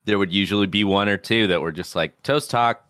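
A man's voice: on the low side, fairly quick, fairly bright tone, no room sound, studio quality. A man co-hosting a podcast in casual chat, telling stories in an easygoing way. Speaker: podcast co-host.

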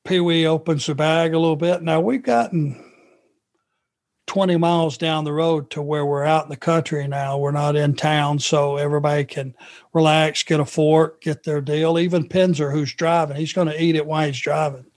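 A middle-aged man from Georgia, a former wrestler telling road stories in a relaxed, anecdotal way. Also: a little high, normal speed. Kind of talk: podcast storytelling.

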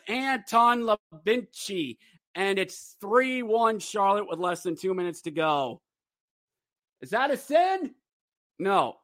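A man hosting a podcast, recapping a hockey game as a fan, excitable and sarcastic, shouting the goal calls. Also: high voice, dry recording, studio quality.

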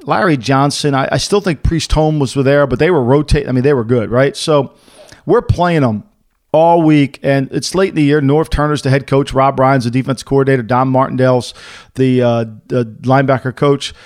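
A middle-aged man co-hosting a casual sports talk show, telling lively anecdotes and acting out the people in them. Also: medium pitch, moderate pace. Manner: animated anecdote-teller, acting out quoted voices. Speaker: podcast co-host, former NFL executive. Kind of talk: casual storytelling chat.

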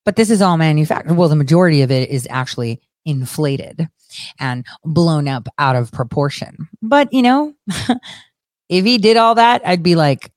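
A woman's voice: deep voice, moderate pace, no room sound. Blunt, profane woman ranting on politics. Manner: blunt, profane, sarcastic, laughs often. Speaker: political commentary host. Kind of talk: casual ranting commentary.

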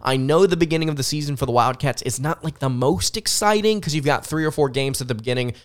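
A man's voice: a little high, fast. A young man with a slight Southern US accent, hosting a sports podcast with enthusiastic commentary and frequent restarts. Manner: enthusiastic, repeats words when restarting. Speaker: podcast host.

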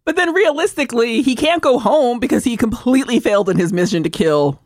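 A woman co-hosting a podcast, joking around in casual chat and mocking people with quick impressions. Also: a little high, lively intonation, a little mellow, no room sound, clean studio sound. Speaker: podcast co-host.

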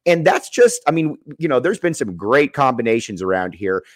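An animated man hosts a sports podcast, his voice swinging up and down with enthusiasm. He rambles a little while setting up his questions. The sound is dry and close. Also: medium pitch, normal speed, no room sound. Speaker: podcast host.

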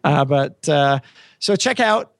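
A man's voice: a little high, lively intonation, slow, no room sound, studio quality. A man hosting a podcast in casual, rambling chat full of fillers and repeated words. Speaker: podcast host.

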